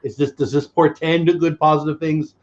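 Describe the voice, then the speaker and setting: A man's voice: fairly high pitch, level tone, moderate pace, a little mellow. Chatty joking man, lo-fi sound. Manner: chatty, joking, self-deprecating. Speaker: livestream host. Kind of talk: casual livestream chat.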